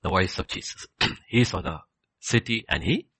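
Impassioned preacher with a gravelly, husky voice. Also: male voice, low voice, animated, normal speed, no echo. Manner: impassioned, swings from loud exclamations to hushed near-whispers. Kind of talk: sermon.

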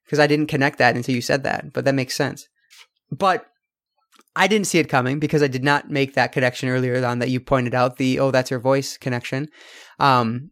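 A man in casual podcast chat with a somewhat high-pitched voice. He rambles through his points and fills the gaps with ums and restarts. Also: fairly bright tone. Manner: rambling, many fillers and restarts. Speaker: podcast co-host. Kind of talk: casual film review chat.

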